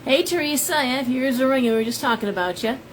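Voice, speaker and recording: A woman's voice: high-pitched, animated, racing, slight background noise, rough recording. A middle-aged woman, a shop owner, chatting casually on a live stream and greeting viewers by name. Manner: chatty, rambling, reads out viewer names.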